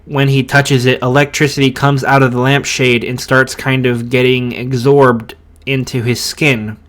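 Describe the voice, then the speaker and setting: A man telling a fan story at an unhurried, drawn-out pace. He hesitates often and fills the gaps with fillers, restarting his sentences as he goes. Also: medium pitch, a bit bright. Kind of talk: casual fan story narration.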